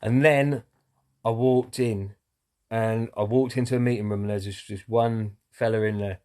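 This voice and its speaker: A man's voice: lowish voice, steady tone, moderate pace, dark tone, smooth. A man talking openly about his recovery, earnest and candid, with many fillers and some swearing. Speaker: person in recovery sharing his story. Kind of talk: personal talk to camera.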